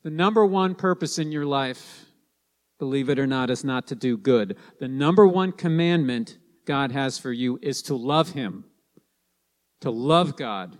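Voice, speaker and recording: A man's voice: medium pitch, lively intonation, unhurried, long reverb tail. A man preaching a sermon to his congregation, stressing points and repeating key lines.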